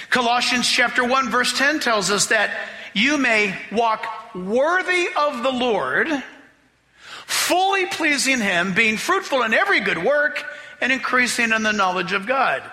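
A man preaches a sermon in a church sanctuary, his voice high and sharply bright. He drags out scripture readings for emphasis and swings his pitch widely as he works the congregation. A long hall reverb hangs on every phrase. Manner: emphatic, slows down to read scripture, mimics voices for illustration. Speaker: pastor.

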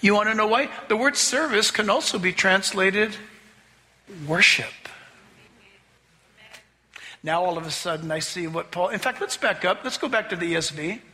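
A male pastor preaching a sermon, emphatic, slowing down to read scripture aloud and mimicking voices to make his points. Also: sits high, animated, sharp tone, in a large hall.

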